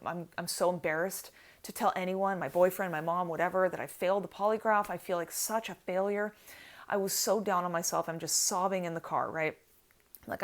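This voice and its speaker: An American woman in her thirties telling a personal story to camera in a casual vlog. She is animated and fills her talk with "like," moving from hushed to loud. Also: lowish voice. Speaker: vlogger, channel host.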